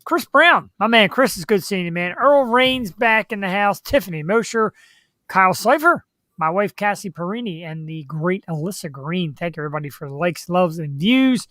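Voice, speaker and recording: A man co-hosting a live web talk show, upbeat and chatty, reading out viewer shout-outs and upcoming guests. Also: high voice, animated, normal speed, no room sound. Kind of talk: casual live-show chat and announcements.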